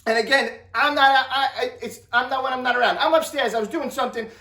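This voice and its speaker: A middle-aged man telling an animated vlog story, excitable and repeating himself as he acts out what people said. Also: very high voice, quick pace. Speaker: vlogger. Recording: echoey room, distant from mic.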